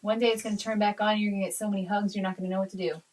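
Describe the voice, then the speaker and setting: A woman's voice: medium pitch, little pitch movement, very fast, darkish tone, far from the mic, slight background noise. A woman co-hosting a podcast, chatting casually, agreeing often and telling family stories. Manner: agreeable, storytelling with acted quotes. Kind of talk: casual chat.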